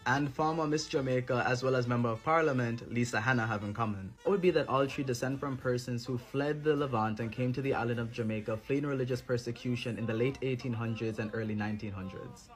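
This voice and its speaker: A man giving scripted documentary narration in a measured, informative way. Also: mid-range voice.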